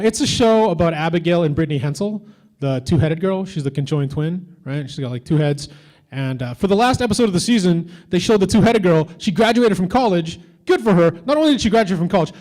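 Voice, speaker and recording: A man from the Philippines performing a stand-up comedy set at a convention, offhand and deadpan with lots of fillers. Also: high voice. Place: convention stage before a crowd.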